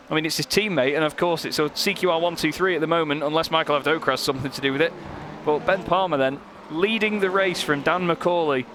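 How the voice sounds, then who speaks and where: A young man commentating on a sim race, lively and joking, growing excited at close moments. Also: a little high, fast. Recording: commentary over loud race car noise.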